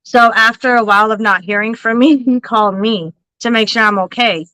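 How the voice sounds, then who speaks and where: A woman hosting a psychic-reading livestream, telling a story in an animated, laughing way and swearing freely. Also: fairly high pitch, fairly quick, no echo, poor audio. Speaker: psychic reader and livestream host.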